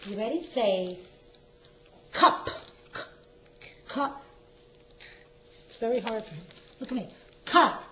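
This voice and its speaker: A woman at home slowly and encouragingly coaching a child through word practice, with lots of repetitive prompting. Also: a little high, lively intonation, slight background noise. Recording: dull lo-fi home video.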